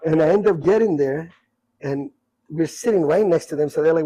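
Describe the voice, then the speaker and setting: A middle-aged man telling stories from his life in a casual chat, animated and repeating himself as he acts out what people said. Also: on the high side, fairly quick, breathy edge, poor audio. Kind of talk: casual storytelling.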